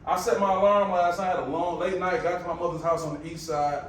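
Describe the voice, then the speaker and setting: A man giving an energetic, casual motivational presentation, calling out to the crowd in a preacher-like way. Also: high-pitched, brisk, distant mic, a little hiss or hum. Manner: energetic, preacher-like call and response; casual, colloquial phrasing. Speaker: motivational speaker. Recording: very echoey room, picked up from afar.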